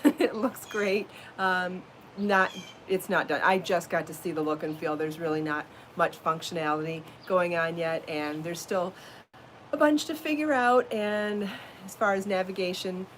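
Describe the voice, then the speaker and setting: A woman's voice: fairly low pitch, slight background noise. A woman hosting a casual live podcast from home, chatty and bubbly, laughing often as she talks. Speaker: podcast host and crochet designer. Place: home, then out in her garden.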